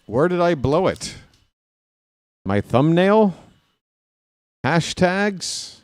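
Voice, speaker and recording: A man's voice: on the high side, very animated, extremely slow, no echo. A man calling baseball play-by-play for his stream, with casual, self-deprecating asides to viewers.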